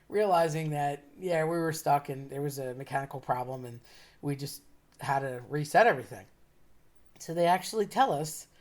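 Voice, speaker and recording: Low-voiced woman telling a chatty anecdote. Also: a little mellow. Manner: chatty, laughs while telling. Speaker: storyteller. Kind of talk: casual personal anecdote.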